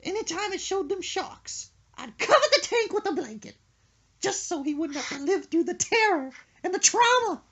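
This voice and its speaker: A woman voicing a grief-stricken woman who sobs and wails over her dead pet fish, with a high, sing-song delivery. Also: sing-song, normal speed, fairly bright tone, exaggerated voice. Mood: tearful eulogy. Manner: wailing, sobbing and singing in a high voice.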